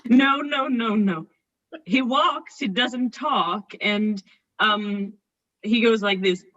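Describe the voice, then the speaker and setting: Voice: medium pitch, slow, fairly bright tone, no echo, muffled recording. A performer playing a giggly, needy party host Fred. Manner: giggly, rambling, showy. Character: vain, needy male nephew host Fred. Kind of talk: drunken improv stage comedy.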